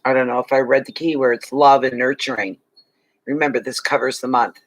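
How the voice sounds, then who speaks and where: A man's voice: medium pitch, little pitch movement, a little fast, fairly bright tone, no room sound, low-quality recording. A man giving a casual monthly tarot reading to his viewers, chatty and rambling, with many asides and restarts, tired and yawning. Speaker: tarot reader.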